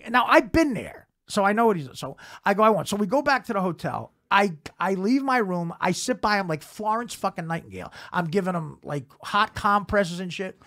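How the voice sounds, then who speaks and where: A middle-aged comedian, appearing as a guest on a casual podcast, tells a profane anecdote. His voice sits high and sounds pushed and bright, and he speaks briskly and with a lot of animation.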